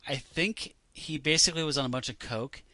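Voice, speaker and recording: A man co-hosting a podcast, chatting in an animated, rambling way. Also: fairly high pitch, fairly quick, dry recording. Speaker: podcast co-host. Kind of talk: casual chat.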